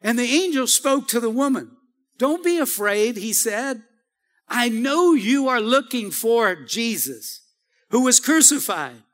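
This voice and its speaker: A man with a very high, bright and forceful voice preaches a sermon. He calls out for responses and climbs to shouting peaks. The sound carries a long hall reverb from the church. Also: very animated, unhurried. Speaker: pastor. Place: church sanctuary.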